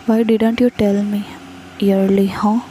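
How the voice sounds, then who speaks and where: A woman voicing a heartbroken, then determined young man in a fan fiction story reading, with a flat, even delivery. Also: medium pitch, a little slow, a little hiss or hum, lightly acted, low-quality recording.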